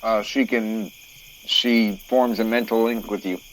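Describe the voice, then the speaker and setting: A man playing a tabletop game, speaking in a low-key, hesitant way. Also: steady tone, measured pace, a little hiss or hum, low-quality recording. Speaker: player. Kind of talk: casual tabletop game play.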